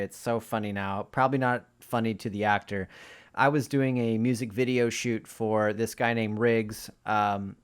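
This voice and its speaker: A man hosting a casual interview, telling a story in a chatty, animated way. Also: lowish voice, clear, resonant tone. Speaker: host.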